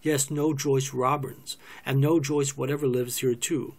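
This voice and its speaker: Weary husband, as a man reads him, dry, sardonic, gravelly. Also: medium pitch, little pitch movement, measured pace. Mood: exasperated. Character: weary, wry man on the verge of leaving.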